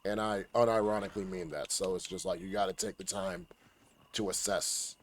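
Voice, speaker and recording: A man's voice: low-pitched, sing-song, a little fast, gravelly, slight background noise. A man giving casual, laid-back advice while playing a game, swearing now and then and trash-talking what he fights. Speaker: gaming guide creator.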